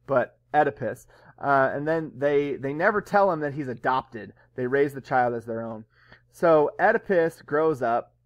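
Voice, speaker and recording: A man's voice: mid-range voice, no echo, muffled recording. Chatty male teacher, dry close sound. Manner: chatty, joking storytelling with quick voiced asides. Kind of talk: casual classroom lecture.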